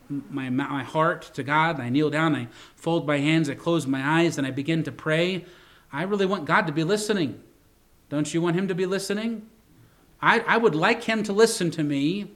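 Male pastor, middle-aged, a bit high-pitched, sermon delivery, conversational and repetitive. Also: a bit bright. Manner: preaching with frequent "Amen?" calls to the congregation; repeats words and restarts, folksy storytelling.

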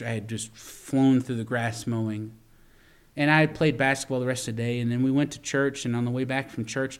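Earnest preaching man. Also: mid-range voice. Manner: earnest, storytelling, with stumbling restarts. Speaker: pastor. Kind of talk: sermon.

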